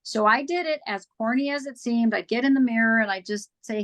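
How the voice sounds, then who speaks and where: A woman's voice: fairly high pitch, fast talker, hardly any pauses, a bit bright. A woman guest on an interview show, telling her personal story in a candid, earnest way and acting out past conversations.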